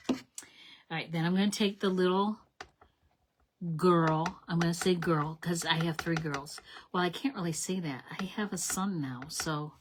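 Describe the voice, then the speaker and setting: A woman's voice: lowish voice, steady tone, measured pace, background noise. A middle-aged woman hosting a card-making tutorial, chatty and enthusiastic, explaining each step and often correcting herself. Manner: chatty and enthusiastic, talks to viewers as "you guys". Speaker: craft demonstrator, channel host.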